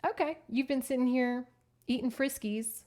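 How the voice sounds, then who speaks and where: Woman podcast host, higher voice, animated and profane book recap, chatty. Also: normal speed.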